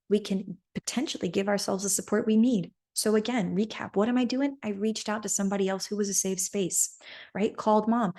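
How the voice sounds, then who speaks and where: A woman's voice: medium pitch, darkish tone. A woman podcast host telling a personal story in an earnest coaching manner, often checking in with "right?".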